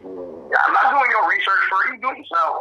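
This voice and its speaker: A man's voice: high-pitched, huge pitch swings, moderate pace, crowd noise, rough recording. A man joining a casual wrestling podcast as a guest, blunt and dismissive.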